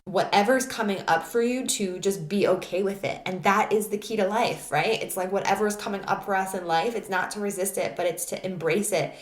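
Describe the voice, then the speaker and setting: A woman's voice: mid-range voice, fairly quick, hardly any pauses. Chatty woman podcaster, echoey room. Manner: candid, animated retelling with many "like"s and restarts. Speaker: podcast host. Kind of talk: solo podcast storytelling.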